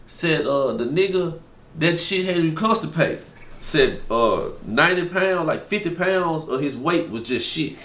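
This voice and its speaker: A man on a casual podcast, telling stories in an animated, slangy way. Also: fairly high pitch, a little slow. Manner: storytelling, animated, slangy, laughs often. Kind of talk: casual hip-hop podcast chat. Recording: roomy, echoey room sound.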